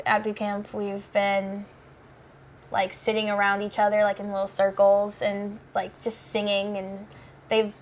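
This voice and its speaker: A woman's voice: medium pitch, slight background noise. A teenage girl who is a cast member of a musical, answering interview questions in a chatty, casual way full of fillers. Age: teens.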